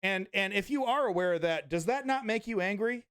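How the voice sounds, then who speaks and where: Guy streaming politics, high voice, swearing a lot, fired up and repeating himself. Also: lively intonation, a little fast, fairly bright tone, clean tone. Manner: angry, profane, repetitive. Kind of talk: live-stream rant.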